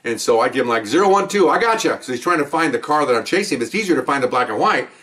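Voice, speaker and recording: Fast-talking cop telling war stories. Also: male voice, mid-range voice, lively intonation, fairly bright tone, recorded from a distance. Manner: emphatic, keeps adding "okay?". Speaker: police officer telling stories. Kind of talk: casual storytelling monologue.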